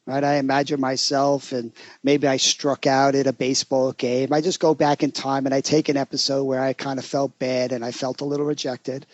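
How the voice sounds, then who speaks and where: A middle-aged man co-hosting a therapy podcast, speaking gently and encouragingly. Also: mid-range voice, flat delivery, normal speed, few pauses, dry recording. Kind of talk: casual conversational podcast.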